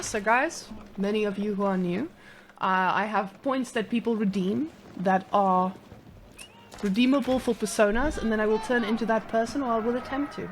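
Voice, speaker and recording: A woman with a South African accent, giving chatty, excitable live-stream game commentary and laughing often. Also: mid-range voice, moderate pace, a little hiss or hum.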